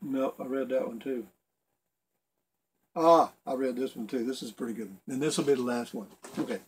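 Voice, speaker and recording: Husky man reading jokes, chuckling. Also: mid-range voice, moderate pace. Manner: rambling, chuckles at his own jokes. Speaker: video blogger telling jokes. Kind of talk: casual joke reading.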